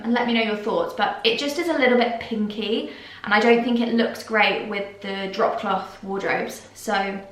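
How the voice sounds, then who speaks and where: A woman's voice: mid-range voice, a bit bright. A young woman chatting casually to camera at home as a vlogger, gushing and a little emotional. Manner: chatty, gushing, slightly tearful at times. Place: at home indoors. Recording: echoey room, a bit far from mic.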